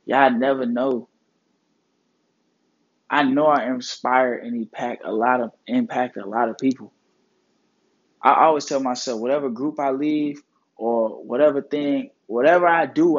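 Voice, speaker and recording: In a muffled recording, a podcast host with a medium-pitched voice speaks unhurriedly and pauses often. He gives earnest, casual motivational talk about life and mental health, with plenty of swearing and slang.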